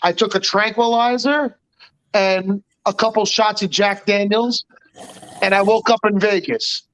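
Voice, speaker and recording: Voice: medium pitch, steady tone, unhurried, fairly bright tone, slight background noise, rough recording. Emphatic, cursing podcast co-host. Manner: profane, emphatic. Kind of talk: casual podcast chat.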